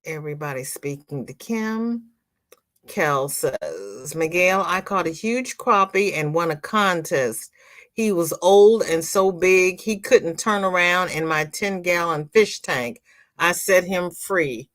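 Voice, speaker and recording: A woman hosts a casual live stream, chatting with viewers and reading their comments aloud with playful asides. She talks at an unhurried, slow pace. Her voice is bright and clear. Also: on the low side, expressive. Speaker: crochet live stream host. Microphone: computer mic on a live stream.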